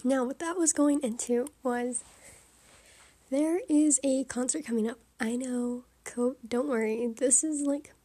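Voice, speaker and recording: A young woman telling a rambling personal story in a quiet, hushed way, full of fillers. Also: sits high, fairly even intonation, a little slow. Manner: chatty, rambling, many fillers. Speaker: vlogger. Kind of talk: casual storytime chat.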